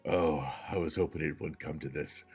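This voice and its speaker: A man's voice: very deep voice, steady tone, normal speed, a little mellow, breathy edge, faint music behind. A man playing a tabletop game, giggly, self-mocking and rambling. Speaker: player.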